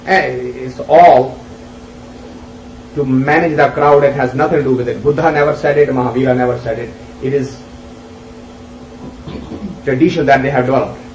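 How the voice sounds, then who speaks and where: A man giving a spiritual discourse, an unhurried teacher who tells stories and puts rhetorical questions to his listeners. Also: medium pitch, fairly even intonation, a little mellow, slight background noise. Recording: roomy, distant, dull lo-fi recording.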